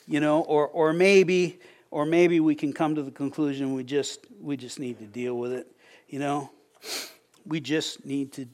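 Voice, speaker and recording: Delivering a sermon, a middle-aged pastor with a slightly higher-than-average male voice tells stories in a folksy manner. He often stumbles and restarts his sentences.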